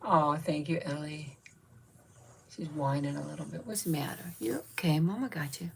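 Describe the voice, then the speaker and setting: A woman's voice: low-pitched, moderate pace, vocal fry, a little hiss or hum. A woman in her fifties hosting a casual live chat, cooing baby talk at her pet and thanking viewers by name. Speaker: channel host.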